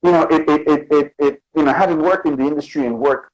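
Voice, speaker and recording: Speaking fast with a voice on the high side, this man from the Bronx comes through on dull audio. As a guest artist in a casual interview, he tells his stories energetically, acting out the quotes.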